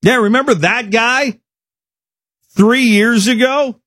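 A man's voice: extremely high pitch, takes it slowly, a bit bright, no echo, studio quality. A man hosting a sports radio show, talking in an emphatic, indignant way with frequent restarts. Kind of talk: opinionated sports talk.

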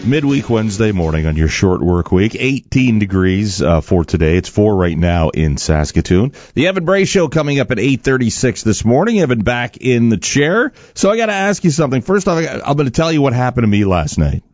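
A man's voice: mid-range voice, fairly quick, hardly any pauses, no echo, lo-fi sound. A man hosting a morning radio show, reading an ad and telling stories with lots of vocal play. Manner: animated storyteller, acts out voices. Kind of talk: radio morning show chat and live-read ad.

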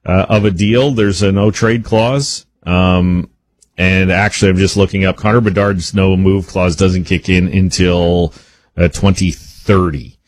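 A man co-hosting a sports radio talk segment, opinionated and animated, speeding up when he makes his point. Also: low voice, unhurried, no echo, poor audio.

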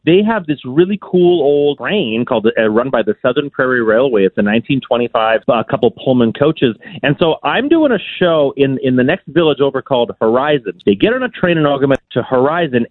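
A man's voice: mid-range voice, expressive, a little fast, few pauses, no echo. A man from Saskatchewan, a local musician, chatting as a guest on a radio show, talkative and enthusiastic with lots of "you know" fillers. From Saskatchewan, Canada. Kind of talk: casual radio interview chat. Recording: tinny phone line.

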